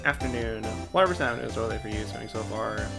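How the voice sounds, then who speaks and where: A woman's voice: very deep voice, fast talker, vocal fry. A woman streamer chatting casually and playfully while playing a game, trailing off as she thinks. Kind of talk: casual game let's-play commentary. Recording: game music playing behind.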